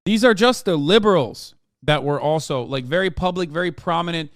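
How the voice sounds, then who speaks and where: A man with a high, smooth, clear voice hosts a live stream. He reads quoted passages quickly and flatly, then cuts in with profane, sarcastic rants. The sound is dry and close. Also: no room sound. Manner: fast, flat reading of quoted text. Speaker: streamer host. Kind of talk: live-stream commentary, reading articles aloud.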